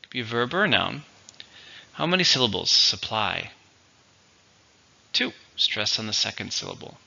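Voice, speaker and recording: A man teaching English vocabulary, speaking slowly and deliberately and repeating each word for pronunciation. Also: medium pitch, sing-song, vocal fry, bright, forceful tone, highs cut off. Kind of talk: vocabulary lesson with dictation.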